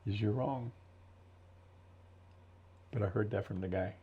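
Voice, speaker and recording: A man in his seventies, an interview guest and military veteran, telling his story slowly and thoughtfully with many restarts in a gravelly voice. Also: fairly low pitch, flat delivery. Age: 70s. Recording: dull lo-fi recording.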